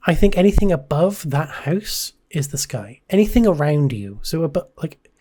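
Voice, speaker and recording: A woman's voice: deep voice, very animated, normal speed, mellow. A woman hosting a casual podcast chat, talking in a hesitant way, often trailing off and repeating herself. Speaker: podcast host.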